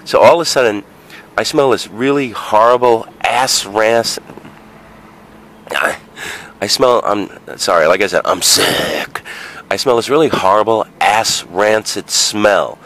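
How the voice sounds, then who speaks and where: A man's voice: fairly low pitch, slow, a bit bright. A man in his forties telling a childhood story in a rambling, profane way, full of fillers and asides. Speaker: vlogger. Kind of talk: casual storytelling monologue.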